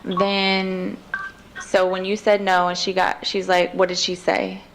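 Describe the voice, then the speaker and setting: A woman investigator asking calm, probing questions in a recorded police interview, with frequent soft acknowledgments. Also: mid-range voice, unhurried, creaky, rough recording.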